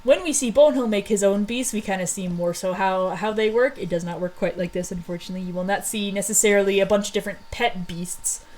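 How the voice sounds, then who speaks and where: A woman casually recapping old stories, rambling with lots of fillers and quick laughs. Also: mid-range voice, a little mellow, rough recording. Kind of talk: casual chat.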